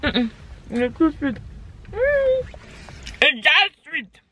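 A young woman chatting excitedly to her viewers in a casual vlog, filmed on a handheld phone. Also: high-pitched, drawn-out words, low-quality recording. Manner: excited, talks straight to viewers. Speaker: vlogger. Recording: loud traffic and street noise.

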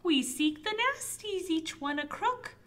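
A woman reading aloud and voicing a brave, eager young male knight in a high, earnest voice. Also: animated, measured pace, fairly bright tone, exaggerated voice.

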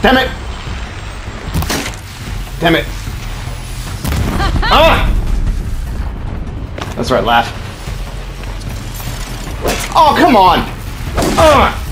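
A man giving gameplay commentary, swearing, yelling at enemies and repeating words in rapid bursts. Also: sits high, huge pitch swings. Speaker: gaming channel host. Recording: game music behind the voice.

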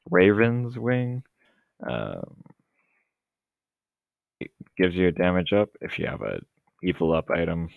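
A man's voice: extremely low pitch, gravelly, no room sound. A young man, losing his voice, rambling hesitantly and sarcastically through casual gameplay commentary. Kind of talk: casual let's-play commentary. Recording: tinny lo-fi dry mic.

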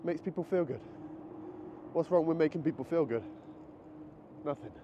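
A travel vlogger narrates casually on a handheld camera, excited and thinking aloud as he walks through city streets and into a convenience store, a little out of breath. He speaks at a moderate pace in a fairly high voice, and the muffled audio carries street noise.

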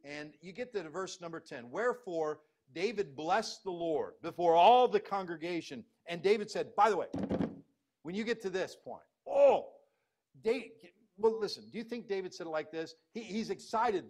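A man preaching a sermon as pastor, emphatic, swinging between loud bursts and hushed scripture reading. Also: high-pitched, lively intonation, brisk.

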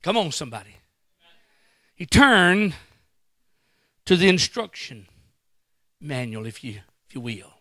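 A man preaching a sermon as a guest pastor in a church, swinging into loud bursts and acting out quotes. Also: fairly high pitch, very animated, a little slow, long pauses, dry recording, clean studio sound.

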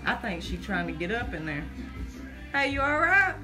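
Over music, a woman with a slightly high, very animated voice talks at normal speed on a phone live stream from home. She sells makeup in a folksy, nervous manner, chattering through her jitters and addressing everyone as "honey" and "child."

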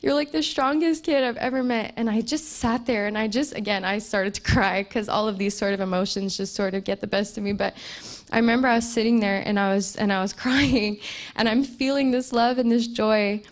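A woman's voice: fairly high pitch, steady tone, fairly quick. A young woman giving an earnest, emotional church testimony, full of fillers and restarts. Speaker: missions trip speaker at church. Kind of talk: personal testimony talk.

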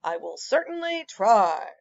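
A woman voicing Sir French Toast, a calm, courteous older gentleman who speaks mildly and agreeably. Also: mid-range voice, slow pace, creaky, no echo, dull audio, heavily acted.

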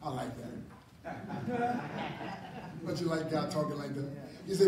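A man's voice: fairly high pitch, unhurried, long pauses. Preaching man, echoey far-off hall recording. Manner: animated, repeats words, chuckles often. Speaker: apostle teaching a ministry class. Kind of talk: preaching Bible class sermon. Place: church hall.

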